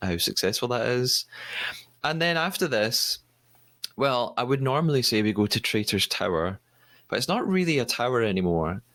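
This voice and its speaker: A man's voice: medium pitch, animated, normal speed, a bit bright. A man hosting a podcast, recapping a TV episode in a chatty, hesitant way with many restarts. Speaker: podcast host. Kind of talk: casual podcast recap chat.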